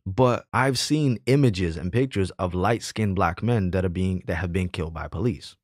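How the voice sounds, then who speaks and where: A man talks straight into a dry, close mic with a low voice. He argues earnestly and builds his case from personal stories, pressing each point with rhetorical questions. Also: normal speed, no room sound. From Jamaican heritage, raised in the hood. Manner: earnest, argumentative, tells personal anecdotes. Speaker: commentator. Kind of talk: opinionated personal commentary.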